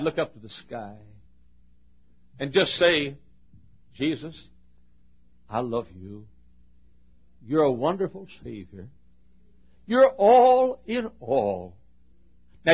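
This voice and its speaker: Husky preacher swinging hushed to shouting. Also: male voice, fairly high pitch, highs cut off. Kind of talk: sermon.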